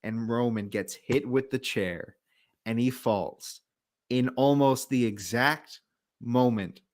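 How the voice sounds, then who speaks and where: A man's voice: medium pitch, slow pace, a little mellow. A man casually recapping a wrestling match, telling it as a story, acting out quotes and laughing often. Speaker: podcast co-host.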